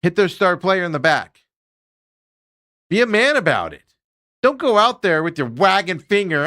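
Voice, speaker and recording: A man's voice: high-pitched, big pitch swings, moderate pace, long pauses, sharp tone, dry recording, clean studio sound. A man hosting a sports talk show, ranting with strong opinions and mocking players in put-on voices. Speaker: sports radio host.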